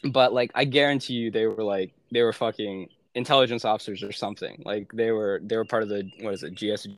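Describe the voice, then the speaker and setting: A man's voice: lowish voice, steady tone, quick pace. A young man and former aid worker chatting casually as a podcast guest, rambling with many filler words and frequent swearing. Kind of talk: casual chat.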